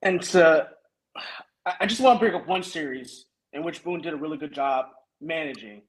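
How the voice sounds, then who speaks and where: A man's voice: on the high side, normal speed, poor audio. A man on a sports podcast, breaking down managing decisions analytically with hesitant fillers. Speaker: podcast co-host. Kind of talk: casual sports chat.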